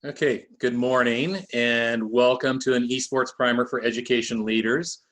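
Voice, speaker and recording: A man in his fifties presenting a webinar over a video call, halting, with many fillers. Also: mid-range voice, fairly even intonation, a bit bright.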